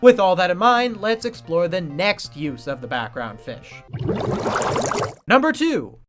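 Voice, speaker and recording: Animated man narrating a video essay. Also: sits high, unhurried, loud music behind the voice. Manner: animated, analytical, emphatic. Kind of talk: scripted narration.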